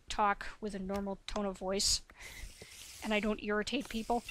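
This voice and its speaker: A woman's voice: medium pitch, flat delivery, normal speed, fairly bright tone, a little hiss or hum. Hyper, nonstop-talking young-sounding woman. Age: 20s. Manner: hyper, chatty, talks nonstop. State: sniffly. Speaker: let's play host. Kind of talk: game commentary voice-over.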